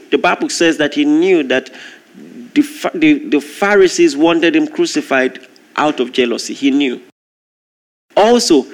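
Animated male preacher, slightly high voice. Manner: animated storytelling, acting out crowd shouts. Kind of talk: sermon.

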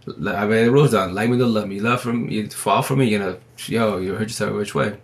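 A low-pitched man with a gravelly, creaky edge talks straight into his phone during a livestream. He rambles in a loose, slangy way, and his words come out fast. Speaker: livestream host. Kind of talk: casual livestream monologue.

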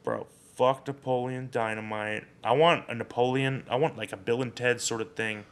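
A man co-hosting a podcast, cracking wry jokes and quick comebacks in crude banter. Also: medium pitch, steady tone. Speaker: podcast co-host.

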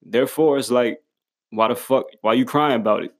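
A young man with a medium-pitched voice talks at a moderate pace, delivering a casual motivational monologue to the camera. He's blunt and emphatic, packing his speech with swearing and street slang, and he laughs often as he goes.

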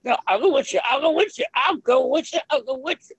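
Give me a man doing a whining, pleading young man with a squeaky high voice. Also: expressive, a little fast, fairly bright tone, no room sound, exaggerated voice. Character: whiny, needy young man in a wheelchair.

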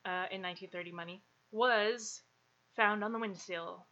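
A woman's voice: medium pitch, fairly even intonation, normal speed, sharp tone, highs cut off. A woman casually telling a true crime story as podcast co-host, laughing often and swearing freely.

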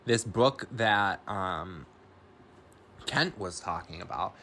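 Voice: low-pitched, lively intonation, slow pace, pushed and bright, slight background noise. A podcast host giving a casual film recap, rambling with lots of fillers and swearing freely.

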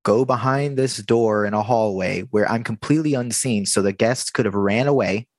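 A man casually telling a story about his job at a theme park, acting out the dialogue in an animated way. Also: lowish voice, moderate pace, no echo.

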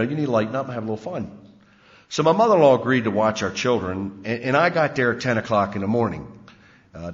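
A middle-aged man with a fairly low voice tells his own story at a recovery meeting. He talks plainly, with fillers and restarts. The recording is muffled and carries a long hall reverb. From Maryland. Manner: plainspoken storytelling with frequent fillers and repeated words.

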